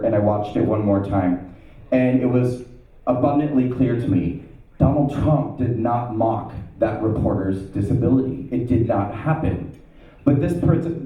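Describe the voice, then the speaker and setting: Animated man telling a story in an echoey hall. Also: medium pitch, phone-quality sound. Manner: animated, acts out his past self. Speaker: speaker at an event. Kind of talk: personal story told to an audience. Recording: echoey room, heard from a distance.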